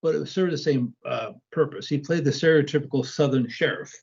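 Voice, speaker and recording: A man's voice: fairly high pitch, brisk, creaky, darkish tone, slightly rough, muffled recording. A man speaking as a guest in a casual conversation, hesitant and full of restarts. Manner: hesitant, many ums and restarts.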